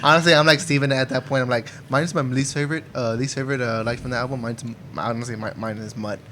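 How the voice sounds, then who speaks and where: A man's voice: medium pitch, fairly even intonation, fast talker, fairly bright tone, slight background noise. A man co-hosting a podcast, easygoing and chuckling as he chats. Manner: easygoing, chuckling, many fillers. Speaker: podcast co-host. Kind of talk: casual chat.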